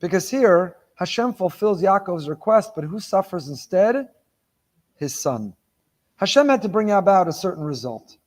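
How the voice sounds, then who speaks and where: Man with a high voice, rabbi, Torah sermon, rhetorical questions, repeated phrases for emphasis. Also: big pitch swings, moderate pace. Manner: rhetorical questions, mixes Hebrew terms into English. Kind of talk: weekly Torah portion sermon.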